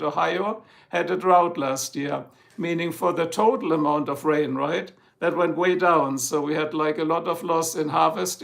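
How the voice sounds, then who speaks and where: A man with a heavy German accent speaks in a rather high voice with a gravelly rasp, and German is his native language. He rambles along in casual, joking livestream chat from home. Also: fairly bright tone. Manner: chatty, rambling, jokey. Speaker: livestream host. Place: home, Ohio.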